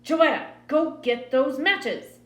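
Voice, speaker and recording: Furious mother, hissing, Southern accent, slow clipped orders , as a woman reader puts her on; roomy sound. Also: on the high side, lively intonation, a little mellow. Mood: cold fury.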